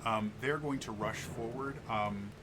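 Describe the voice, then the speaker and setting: Game master, male, halting delivery with frequent stammers, clear background hiss. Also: mid-range voice. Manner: halting, many repeated words and stammers. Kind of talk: narrating a tabletop game. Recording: noisy home mic.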